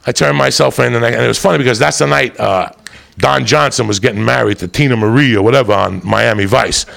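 Gravelly man telling a profane story. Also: medium pitch, fast. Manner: animated, profane, jumps into loud put-on voices for quotes.

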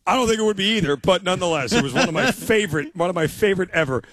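A man's voice: high-pitched, animated, very fast, fairly bright tone, dry recording. A man co-hosting a casual sports talk show, telling stories with enthusiasm and repeating himself. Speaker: co-host.

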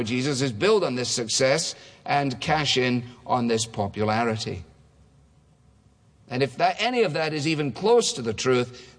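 A man preaching a conversational sermon, now and then acting out the voices of people in the story. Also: medium pitch. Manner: conversational, acts out dialogue voices. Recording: long hall reverb.

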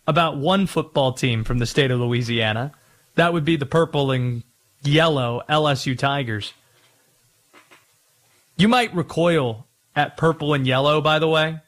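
A man hosting a sports talk radio show, ranting in a playful, animated way. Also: medium pitch.

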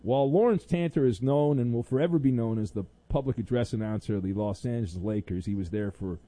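A man's voice: medium pitch, quick pace, dark tone. A middle-aged man hosting a sports radio show, talking in a rambling, casual way with many fillers and wry asides.

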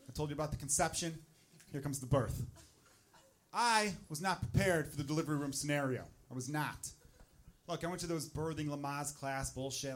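A man doing a stand-up comedy set, telling a personal story with animated delivery and acted-out voices. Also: fairly high pitch. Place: comedy club stage.

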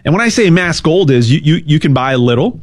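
A man giving a casual, rambling sales pitch, stumbling over repeated words and cracking jokes. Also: expressive, quick pace. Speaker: gold sales ad host.

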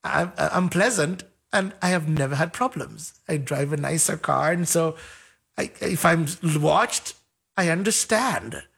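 A man from Africa, a guest in an interview, telling stories in a lively way, acting out the people he quotes and often repeating words. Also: on the high side, unhurried, gravelly, husky. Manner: animated, acts out quoted voices, repeats words. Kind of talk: conversational storytelling.

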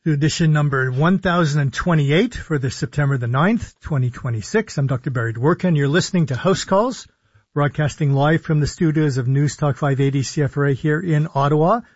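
A man, a physician hosting a live call-in radio show, explaining in a measured way with slow emphasis on key words. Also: on the high side, breathy edge, no room sound, lo-fi sound. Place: radio studio.

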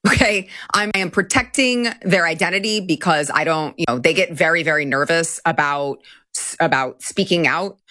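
Casting: woman host, bright forceful voice, dry close sound, emphatic delivery. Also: fairly low pitch, moderate pace, no room sound. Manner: emphatic, repetitive, laughing asides. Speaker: show host. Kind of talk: commentary.

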